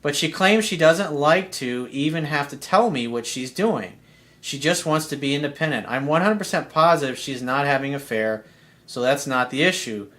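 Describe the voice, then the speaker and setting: A man's voice: on the high side, lively intonation, normal speed, a bit bright. A man, a dating coach, answering listener emails with blunt, conversational advice, slang and swearing.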